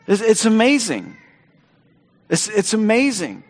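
Pastor, male, high voice, preaching live in a hall with long reverb, eager and repetitive. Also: sing-song, normal speed. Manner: enthusiastic, repeats words and restarts phrases. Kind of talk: sermon. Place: church auditorium stage.

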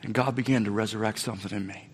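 A man preaching a sermon as pastor, telling a personal story and acting out the dialogue, swinging from loud to quiet. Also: on the low side, fairly even intonation, rapid-fire, slight background noise. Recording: long reverb of a large hall.

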